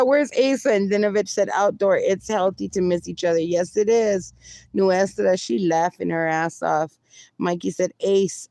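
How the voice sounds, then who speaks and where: A woman's voice: medium pitch, a little mellow, no room sound. A woman livestreaming, reading viewer comments aloud and bantering with them, laughing often. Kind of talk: casual live-stream chat.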